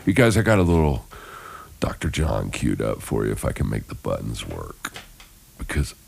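A man's voice: rumbling low, wildly swooping pitch, normal speed, gravelly, slightly rough. A man hosting a casual morning radio interview in a studio, chatty, laughing easily and using many fillers. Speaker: radio show host.

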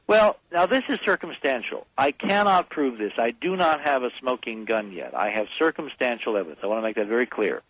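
A man's voice: medium pitch, animated, a little fast, hardly any pauses, a bit bright, dry recording, poor audio. A man speaking as a guest on a radio talk show, talking emphatically and persuasively, rallying listeners to act.

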